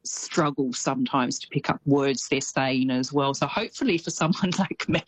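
Woman, Australian accent with a Kiwi tinge, low voice, dry sound, chatty and enthusiastic, radio correspondent. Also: normal speed, husky, dry recording, poor audio. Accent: Australian with a slight New Zealand tinge. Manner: chatty, enthusiastic, laughs easily. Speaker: New Zealand correspondent.

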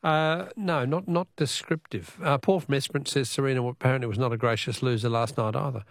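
A man's voice: mid-range voice, fairly quick, gravelly, dry recording. A man hosting a late-night radio call-in quiz and reading out listener texts. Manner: chatty, reads out listener texts. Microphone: studio mic.

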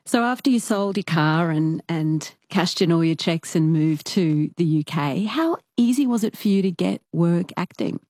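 A woman's voice: on the low side, expressive, moderate pace, few pauses, warm tone, dry recording, clean studio sound. A woman interviewing a guest, asking conversational questions.

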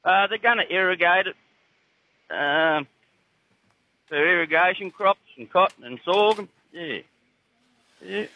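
Broad Aussie farmer on a phone line. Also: male voice, sits high, unhurried, pauses often, no echo. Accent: broad rural Australian. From Australia. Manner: laconic, dry humour, says "mate" a lot. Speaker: caller. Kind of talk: casual radio phone-in chat.

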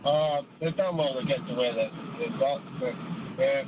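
A man's voice: medium pitch, moderate pace, narrow, tinny audio, background noise. A man calling a radio quiz, chatting casually and hesitating with lots of ums. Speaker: caller.

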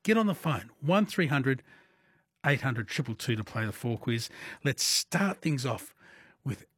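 A man with an Australian accent hosting a morning radio quiz, upbeat and quick to laugh. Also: mid-range voice, sing-song, fairly bright tone, husky, no echo, clean studio sound. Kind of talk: breakfast radio quiz chat.

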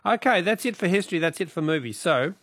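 Brisk Australian man hosting a radio quiz. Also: high-pitched, animated, a bit bright, no echo. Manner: brisk, counts off questions. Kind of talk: radio quiz and caller chat.

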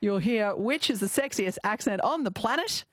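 A woman's voice: medium pitch, lively intonation, moderate pace, dry recording, studio quality. A woman hosting a radio show, chatting playfully and laughing often. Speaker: radio host. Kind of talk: casual radio chat.

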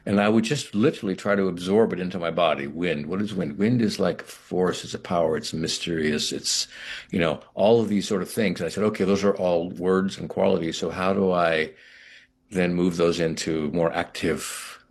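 A man with a deep, husky voice talks through his craft in an interview. He muses aloud, pausing and restarting his thoughts as he goes. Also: steady tone. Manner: thoughtful, halting, with frequent restarts and "you know". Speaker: actor, interview guest. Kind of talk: reflective interview conversation.

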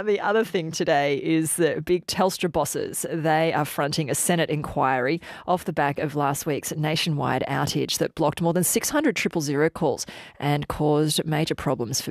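A woman's voice: low voice, creaky, dry recording, clean studio sound. A woman hosting a radio show, reading news with chatty, wry asides. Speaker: radio host. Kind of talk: casual radio news chat.

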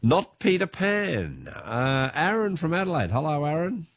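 Australian man, quiz host, animated intonation, dry close sound, fighting a cold, jokey. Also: on the high side, measured pace, dry recording. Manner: jokey, chatty, laughs often. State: has a cold, voice lower than usual. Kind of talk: talkback radio quiz.

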